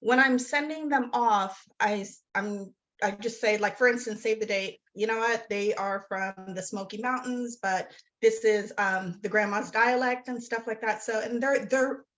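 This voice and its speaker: A woman's voice: mid-range voice, unhurried, fairly bright tone, muffled recording. A woman author being interviewed, talking in a rambling, self-deprecating way with lots of fillers and restarts. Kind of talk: casual interview chat.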